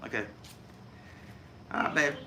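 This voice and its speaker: A middle-aged Indiana man with a Hoosier accent chats unhurriedly on his live stream while he works. He's folksy and rambling, chuckling often, over heavy background noise.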